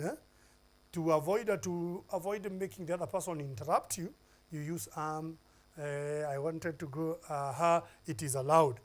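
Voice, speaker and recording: Kenyan man teaching an English lesson. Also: fairly high pitch. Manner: emphatic, lists points one by one with fillers. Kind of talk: televised classroom lesson.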